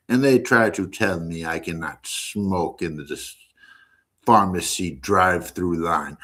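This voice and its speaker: Low-voiced rambling American man streaming. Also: expressive, measured pace, a bit bright. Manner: rambling, joking, loose and unfiltered. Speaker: live-stream host. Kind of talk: rambling live-stream monologue.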